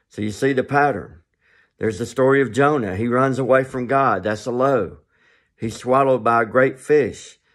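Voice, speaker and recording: A man preaching a sermon, telling stories and asking rhetorical questions. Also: mid-range voice. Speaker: pastor.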